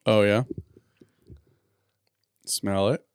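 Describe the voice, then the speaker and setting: A man's voice: lowish voice, fairly even intonation, drawn-out words, darkish tone, smooth, no echo, clean studio sound. A man hosting a casual chat while tasting bourbon, rambling and self-deprecating, often laughing. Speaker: podcast host.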